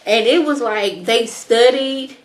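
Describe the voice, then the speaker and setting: A young woman recapping a reality show in a sassy, animated way, mimicking the people she talks about. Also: a little high, takes it slowly. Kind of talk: casual recap commentary.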